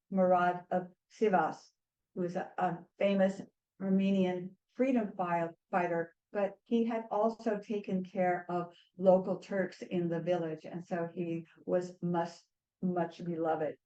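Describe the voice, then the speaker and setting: A woman author gives an academic lecture with a low-pitched voice. She talks in an earnest, measured way and stumbles briefly now and then. The audio is dull and lo-fi, like a livestream capture. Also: darkish tone. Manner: measured and earnest, with small restarts. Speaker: author giving a book talk.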